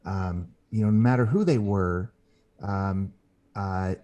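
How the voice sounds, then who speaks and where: A man's voice: deep voice, mellow, lo-fi sound. A man, a guest author on a podcast, telling a story earnestly and often restarting his sentences. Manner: earnest storyteller who acts out quoted voices; halting, with frequent restarts. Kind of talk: podcast interview.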